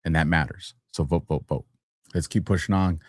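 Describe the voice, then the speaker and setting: A man's voice: rumbling low, normal speed, no room sound, studio quality. A man hosting a livestream show, talking casually and animatedly, teasing his chat and laughing often. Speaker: host.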